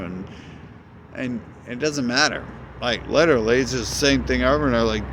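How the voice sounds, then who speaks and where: A man's voice: medium pitch, normal speed. Man, rambling agitated monologue, lots of cursing, mid-range voice, street traffic noise behind.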